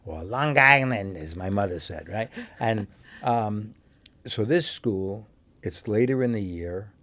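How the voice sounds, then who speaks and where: Older American man, deep-ish voice, rambling anecdotal guest, New York roots. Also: slow pace, a little mellow. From New York, USA. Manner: rambling, with many fillers and restarts, chuckling. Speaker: interview guest, actor. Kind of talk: casual anecdotal storytelling.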